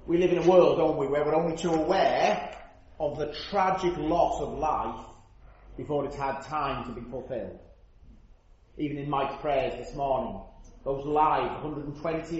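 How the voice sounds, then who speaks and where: Emphatic preacher. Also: male voice, a little high, steady tone, measured pace. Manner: earnest, emphatic, rhetorical questions. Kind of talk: sermon. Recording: roomy, dull church recording.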